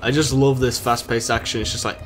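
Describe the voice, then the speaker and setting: A man's voice: mid-range voice, flat delivery, fairly quick, a bit bright. British man rambling over gameplay. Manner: rambling, sarcastic running chatter. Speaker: gaming channel host. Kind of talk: let's-play commentary.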